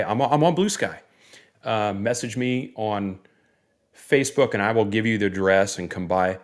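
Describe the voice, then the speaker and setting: A man from Northeast Florida co-hosting a casual sports podcast, easygoing and rambling, with plenty of fillers and restarts. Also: lowish voice. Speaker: podcast co-host.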